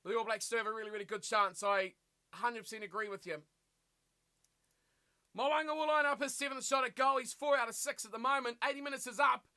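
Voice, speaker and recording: Very high, bright-voiced male rugby streamer. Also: brisk, clear, resonant tone. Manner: reads viewer chat aloud and answers it; animated, rhetorical questions. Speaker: live stream rugby commentator. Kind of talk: live reaction commentary.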